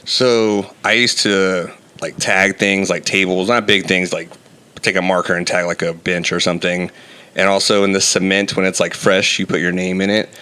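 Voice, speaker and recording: A man's voice: deep voice, level tone, normal speed, pushed and bright, clean tone. A young adult man, a comedian guest in a casual chat, loose and self-mocking, who laughs often.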